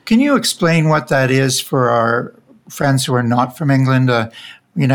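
Joking Canadian man hosting a podcast chat, mid-pitched. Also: sing-song, a little fast. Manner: teasing, joking. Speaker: podcast host. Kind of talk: casual chat.

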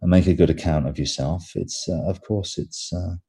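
A man with an English accent, an actor being interviewed, talking in a relaxed way with fillers and repeated words. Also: sits low, normal speed. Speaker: actor guest. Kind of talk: casual interview chat.

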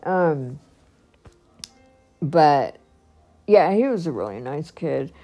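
Slow-talking chatty woman vlogger. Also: low voice, big pitch swings, warm tone, faint music behind. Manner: chatty, rambling, laughs often, faith-filled. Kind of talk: casual personal vlog.

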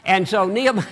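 An older man preaches a sermon in a high, lifted voice. He surges into loud, animated bursts and then drops into low, quiet asides.

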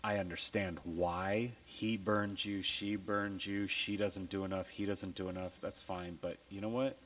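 A man with a low voice hosting a casual podcast, blunt and swearing freely. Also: little pitch movement, measured pace, fairly bright tone, rough recording. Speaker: podcast host.

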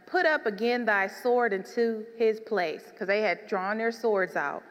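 A woman preaching a sermon, animated, swinging between soft and emphatic delivery. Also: fairly high pitch, in a large hall.

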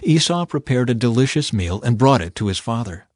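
A man narrating a Bible reading in a measured storytelling way. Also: mid-range voice, very animated, a little mellow, dry recording, studio quality.

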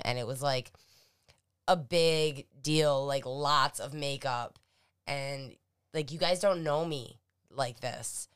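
A woman's voice: extremely low pitch, fairly bright tone, clean tone, no echo, studio quality. A woman co-hosting a podcast, chatting casually with a playful, teasing, profane manner. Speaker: podcast co-host. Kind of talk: casual chat.

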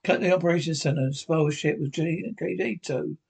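Halting higher-voiced male reader. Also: fairly even intonation, creaky, a little mellow, slightly rough. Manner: halting, frequent stumbles and repeated words. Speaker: narrator. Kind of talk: reading aloud a fan scene description of a TV episode.

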